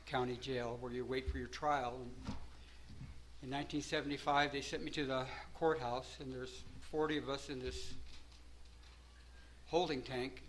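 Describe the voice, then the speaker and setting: At a meeting, an older man from Southern California recounts his own recovery, starting off rambling and later turning animated, laughing as he goes. He speaks at normal speed in a mid-range voice. The recording is low quality, with slight background noise.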